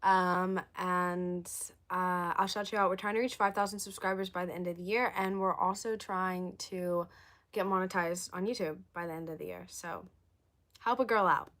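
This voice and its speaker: Hoarse young woman livestreaming. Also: lowish voice, fairly even intonation, normal speed, fairly bright tone. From southern United States. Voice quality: chatty, addresses viewers as y'all. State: hoarse, losing her voice. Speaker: livestream host. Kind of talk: casual livestream chat.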